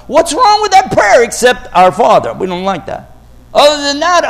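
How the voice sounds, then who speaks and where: Guy with a high voice preaching, arguing, acts out quotes and gets loud. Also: sing-song, normal speed. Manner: argumentative, quotes scripture dramatically, rises to shouts. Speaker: Islamic preacher. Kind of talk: religious talk to an audience.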